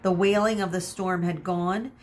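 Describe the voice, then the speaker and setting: A woman teacher reading a chapter book aloud to children, expressive, stopping for asides to her listeners. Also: fairly low pitch, moderate pace.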